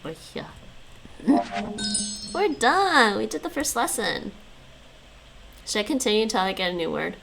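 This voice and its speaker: A woman's voice: medium pitch, sing-song, moderate pace, vocal fry, long pauses, noisy background. A woman streaming her language practice, repeating words after an app and chatting casually with viewers, often laughing. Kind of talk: casual chat while practising vocabulary.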